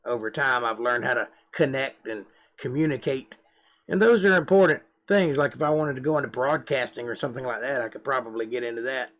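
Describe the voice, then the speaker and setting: A man's voice: medium pitch, fairly quick, fairly bright tone. A middle-aged man with a Georgia Southern drawl, rambling and self-deprecating in casual live-stream chat to camera. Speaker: live-stream host, musician.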